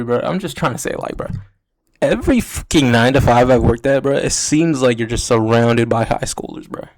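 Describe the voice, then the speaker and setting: Profane young man telling a storytime. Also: medium pitch. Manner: profane and slangy, peppered with "bro". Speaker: storytime vlogger. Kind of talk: casual storytime monologue.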